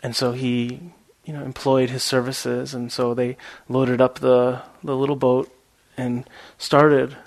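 Gravelly man giving a meditation talk. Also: medium pitch, measured pace, few pauses. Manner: relaxed, rambling, many fillers; laughs at his own story. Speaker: meditation teacher. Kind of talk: dharma talk with storytelling.

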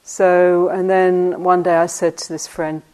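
A woman's voice: lowish voice, flat delivery, unhurried. An older woman, a meditation teacher telling stories from her past in a reflective talk, often breaking into laughter. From United Kingdom. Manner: anecdotal, often laughing, soft asides.

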